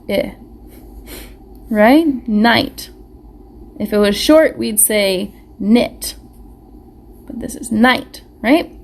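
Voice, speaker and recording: A young woman teaching a live online phonics lesson to small children, asking questions, answering them herself and sounding out letters with care. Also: mid-range voice. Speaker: preschool teacher. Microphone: webcam or phone camera.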